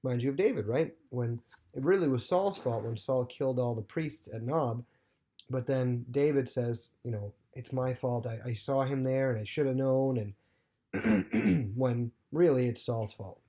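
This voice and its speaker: Mellow-voiced man teaching a Bible lesson. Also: mid-range voice, a little slow. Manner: loose retelling with many fillers.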